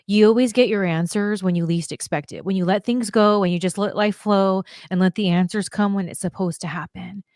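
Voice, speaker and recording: Woman wrestler guest, emotional and animated, chatting on a video call, middle pitch, dry close sound. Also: fairly quick, hardly any pauses, dry recording. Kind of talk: casual chat, storytelling. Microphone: video call streaming setup.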